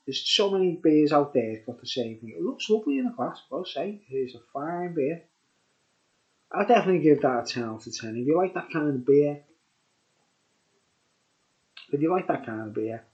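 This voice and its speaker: A man's voice: a little high, highs cut off. A tipsy man rambling through a casual beer review, chuckling often and dropping conspiratorial asides.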